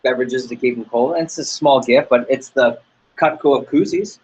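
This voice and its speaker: A man's voice: medium pitch, moderate pace, highs cut off, noisy background. A man leading a sales team training talk, upbeat and motivational, acting out little dialogues as he goes. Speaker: sales office manager.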